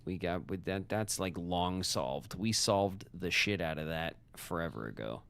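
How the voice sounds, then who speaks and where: His voice sits low and sounds animated yet creaky, slightly bright, and clean, delivered at a measured pace. He's streaming a puzzle game, puzzling over clues while chatting with viewers and himself in a loose, joking manner.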